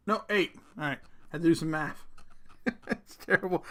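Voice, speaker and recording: A middle-aged man, a father, ranting casually to camera in an animated, emphatic way, with sudden loud bursts and casual swearing. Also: medium pitch, a little fast. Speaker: vlogger, father.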